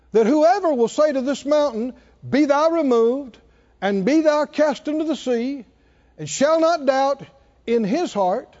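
A man preaching with a high, very lively voice that leaps up and falls away as he stresses single words. His tone is mellow and dark, and he takes his time. The sound is dull and lo-fi, with a long hall reverb behind him. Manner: emphatic, repeats and stresses words, rises and drops sharply. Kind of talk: sermon.

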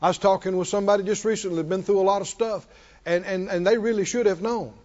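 A man's voice: high voice, fairly even intonation, quick pace, darkish tone. Male preacher, call-and-response sermon, long reverb of a hall. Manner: call-and-response preaching, rising and falling in volume. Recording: dull sound in a large reverberant hall.

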